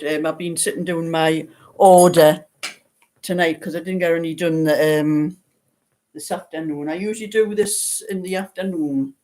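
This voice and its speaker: A woman's voice: lowish voice, warm tone. Older woman with a light Geordie lilt. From Newcastle, northeast England. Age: 70s. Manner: rambling, chatty, laughs often, reads out viewer comments. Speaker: knitting channel host. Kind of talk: casual livestream chat.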